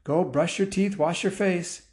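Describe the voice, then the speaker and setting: A man doing a brisk mom. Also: high-pitched, a little mellow, pitched above the performer's own voice. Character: mother, brisk and routine-minded.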